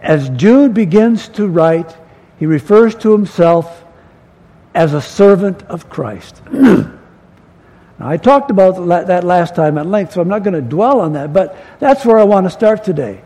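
An older man preaching a sermon in a church, folksy and storytelling, with pauses and restarts. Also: high voice, expressive, mellow. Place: church sanctuary. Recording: long hall reverb.

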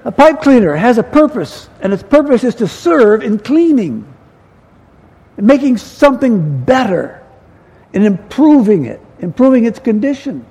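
An older man preaching a sermon in a church, folksy and storytelling, with pauses and restarts. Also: very high voice, sing-song, warm tone, husky. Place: church sanctuary. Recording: long hall reverb.

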